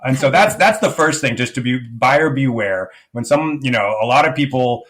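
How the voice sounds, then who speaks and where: A man's voice: mid-range voice, moderate pace, a bit bright. A man speaking as a life coach guest in a podcast interview, reflective and rambling, with many fillers and restarts.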